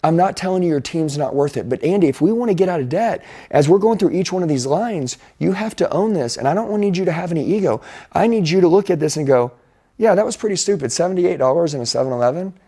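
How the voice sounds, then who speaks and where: A man's voice: fairly high pitch, animated, fast, mellow, husky. A middle-aged man giving an intense, emphatic motivational talk as a sales and life coach. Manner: intense, emphatic preaching delivery.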